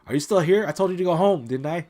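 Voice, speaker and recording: A man's voice: on the high side, expressive, moderate pace, a little mellow, soft background music. A man voicing an arrogant, dismissive male commander in a game, reading his lines in a sneering, raised voice.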